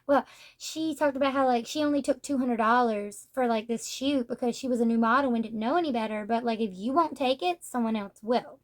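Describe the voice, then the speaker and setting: A woman's voice: fairly high pitch, a little fast. A woman hosting a casual comic book review, chatty and rambling, with lots of fillers. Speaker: book reviewer, channel host.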